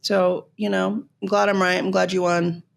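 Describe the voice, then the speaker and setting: A woman from Los Angeles hosting a podcast, ranting in an animated, sarcastic way and swearing freely. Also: medium pitch, normal speed, gravelly. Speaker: podcast host. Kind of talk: casual rant.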